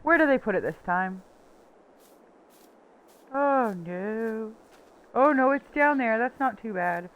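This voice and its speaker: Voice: medium pitch, animated, slow, long pauses, narrow, tinny audio. A live streamer giving casual gameplay commentary, chatting to themself and tossing in playful silly words.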